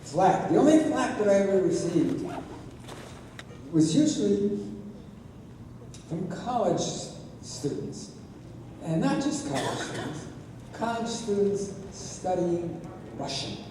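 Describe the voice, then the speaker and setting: Man in his 80s, slightly high voice, rambling and self-correcting, wry anecdotes, echoey hall, distant mic. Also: big pitch swings, takes it slowly, pauses often, noisy background. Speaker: convention panel guest. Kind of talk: convention Q&A storytelling. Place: large convention hall.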